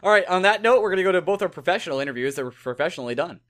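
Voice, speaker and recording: A man co-hosting a casual sports podcast, jokey and animated, tripping over names now and then. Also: sits high, racing. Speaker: podcast co-host.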